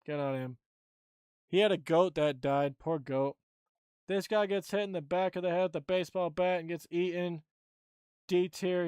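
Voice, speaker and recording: A man's voice: a little high, a little mellow, smooth, no room sound, studio quality. A man hosting a live stream, talking in an offhand, blunt and rambling way. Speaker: streamer host. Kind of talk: casual live-stream chat.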